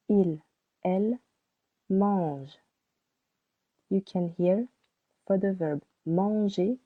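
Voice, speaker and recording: A woman's voice: fairly low pitch, slightly rough. A woman teaching a beginner French lesson, spelling out letters and saying each example word twice. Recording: tinny phone-like sound.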